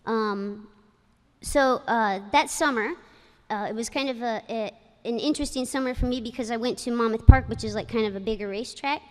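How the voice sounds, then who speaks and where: A woman's voice: fairly high pitch, brisk. A woman giving a personal ceremony speech, telling stories in a chatty way with many fillers. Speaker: inductee speaker, former jockey. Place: ceremony hall. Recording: long hall reverb.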